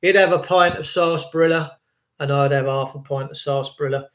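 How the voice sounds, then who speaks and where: A man's voice: a little high, steady tone, brisk, reverberant. A middle-aged man with a South London accent, ranting earnestly and preachily in a casual monologue to his viewers, often repeating himself. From England. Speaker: online talk host.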